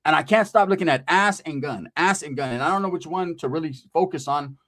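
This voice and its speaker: A man's voice: fairly high pitch, a little fast. A man telling a comic street story in a slangy, profane way, often asking "right?". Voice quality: animated, swearing, slangy, asks "right?".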